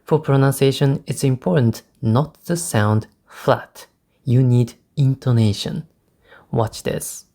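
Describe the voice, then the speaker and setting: A Japanese man, speaking English as a second language, teaching exam speaking skills with slow, careful repetition. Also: mid-range voice, dark tone. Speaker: English test tutor. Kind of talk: spoken-English lesson with sample answers.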